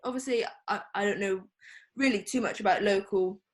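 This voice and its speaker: A woman's voice: mid-range voice, fairly quick. Chatty young woman. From England. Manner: chatty, full of fillers and quoted dialogue. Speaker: guest photographer. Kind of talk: casual interview over a call.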